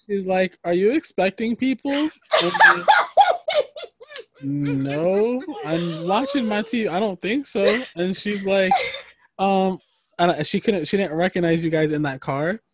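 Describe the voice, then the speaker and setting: A young man telling his side of a story in casual chat, laughing and excitable. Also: high-pitched, measured pace. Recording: noisy casual recording.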